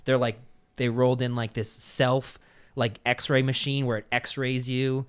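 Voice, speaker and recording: A young man tells a rambling, profane story in easy podcast chat at a middle pitch. His delivery is loose, with constant filler words, and he breaks into laughter as he talks. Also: flat delivery, measured pace, smooth. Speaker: podcast regular telling a story. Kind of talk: casual chat.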